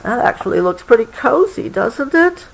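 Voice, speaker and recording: A mother reading a picture book aloud to her child, expressive and stopping now and then to chat. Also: on the high side, moderate pace, gravelly, breathy edge, poor audio.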